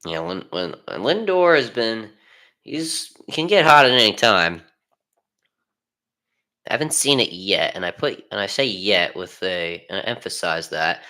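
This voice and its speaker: Bright-voiced man calling a game live. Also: lowish voice, a little slow, reverberant. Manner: frustrated, swings between muttering and excited calls. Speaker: fan commentator. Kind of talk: live fan play-by-play commentary.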